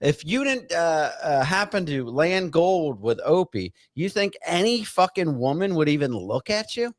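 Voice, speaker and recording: A man's voice: on the high side, very animated, measured pace, no echo. Brief: male guest, furious profane rant, stammers and restarts, dry close sound. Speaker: guest bartender. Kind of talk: angry podcast rant.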